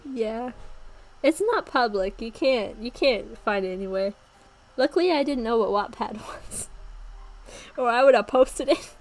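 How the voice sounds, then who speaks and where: A woman's voice: on the high side, lively intonation, measured pace, rough recording. A young woman in her early twenties reading her old novel aloud on a stream, laughing at her own writing.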